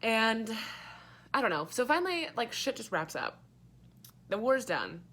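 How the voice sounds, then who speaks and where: A woman's voice: fairly high pitch, big pitch swings, unhurried, pushed and bright. A young woman giving a casual, rambling book review, sarcastic and full of fillers and swearing.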